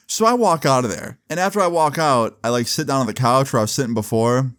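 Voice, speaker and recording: A man's voice: medium pitch, lively intonation, fast talker, hardly any pauses, no echo, clean studio sound. A young man telling a casual, rambling story about a party, full of "like" and "bro" fillers. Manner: rambling, slangy, lots of "like" and "bro".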